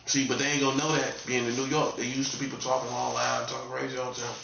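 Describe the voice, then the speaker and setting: A man's voice: medium pitch, steady tone, fast, gravelly, few pauses, sharp tone, slight background noise. A man from North Carolina with a Southern accent, talking in a casual, laid-back, repetitive monologue with a warning tone. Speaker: online commentator. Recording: distant, echoey, dull lo-fi room sound.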